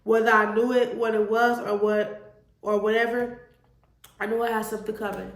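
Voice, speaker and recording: A young woman tells her own story straight to camera, earnest and emotional, calling her viewers y'all. Her voice sits fairly high. The room around her sounds echoey. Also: little pitch movement, moderate pace. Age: 20s. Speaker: vlogger.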